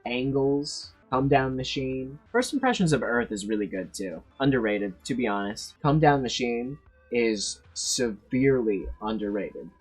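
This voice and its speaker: Profane ranting young man, husky voice. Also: medium pitch. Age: 20s. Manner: blunt, profane, emphatic rants with frequent restarts. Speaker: tier list video creator. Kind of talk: casual opinionated ranking monologue.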